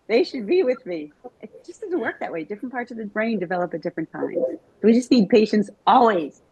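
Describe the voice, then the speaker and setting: A middle-aged woman gives a friendly, lively talk to a roomful of educators and keeps drawing them in with questions. Her voice has a slightly breathy edge. The sound is close and dry. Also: medium pitch, dry recording, low-quality recording. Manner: lively, chatty, asks the audience questions. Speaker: Montessori teacher trainer giving a talk. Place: conference room with an audience.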